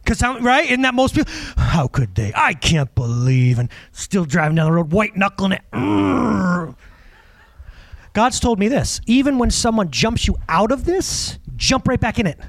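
A man's voice: very high-pitched, brisk, few pauses, dry recording. A man preaching a casual, conversational sermon, telling personal stories, acting out other people and chuckling along the way. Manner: animated storyteller, acts out other people, chuckles often.

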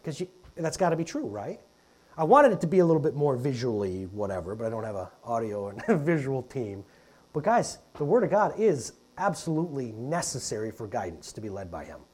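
A man's voice: fairly high pitch, big pitch swings, a little fast, darkish tone, slightly rough. A man preaching a sermon to his congregation, conversational and chatty, often calling them "guys". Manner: conversational, calls the congregation "guys", jokes aside. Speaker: pastor. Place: church hall with a congregation.

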